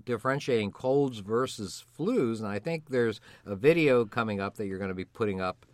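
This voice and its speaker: Older male doctor-host, theatrical and jokey, animated pitch, dry booth. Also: normal speed, no room sound. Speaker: podcast co-host, medical doctor. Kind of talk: playful podcast banter and promo pitch.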